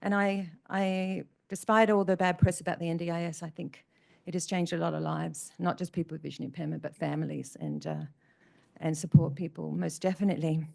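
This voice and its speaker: Middle-aged woman, speaker at a community event, earnest and heartfelt, fairly low voice, repeats herself for emphasis. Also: fairly even intonation, brisk, gravelly, darkish tone. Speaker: motivational speaker. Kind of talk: personal talk to an audience.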